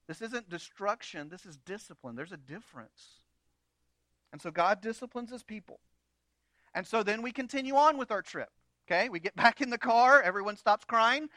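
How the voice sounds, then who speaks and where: A man preaching a sermon in a conversational, animated way, with humorous asides. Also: very high-pitched, dry recording. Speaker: pastor.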